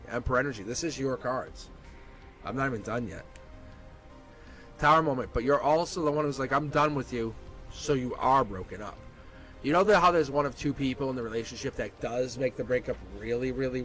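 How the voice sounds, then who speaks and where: A man giving a live tarot reading, blunt and animated, laughing often and acting out what people say. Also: medium pitch, low-quality recording. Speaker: tarot reader.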